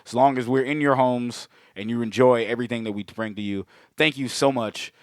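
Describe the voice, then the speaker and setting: A man co-hosting a movie podcast, talking in a casual, profane, slangy way and getting animated as he tells stories. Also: medium pitch, brisk, dry recording, studio quality. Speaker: podcast co-host.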